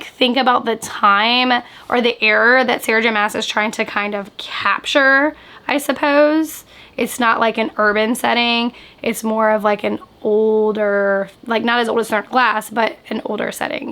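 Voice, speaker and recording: Woman chatting about books on her channel, kinda high voice, lots of "like"s, lively. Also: moderate pace. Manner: chatty, animated, frequent "like" fillers. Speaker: book vlogger. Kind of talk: casual reaction chat.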